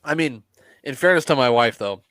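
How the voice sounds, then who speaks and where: A man in a middle-pitched voice riffs with a joking, profane edge while he comments on an old wrestling match. The sound is close and dry, with no room around it. He laughs easily and swears freely. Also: animated, normal speed, a bit bright, dry recording. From US Midwest. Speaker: podcast co-host.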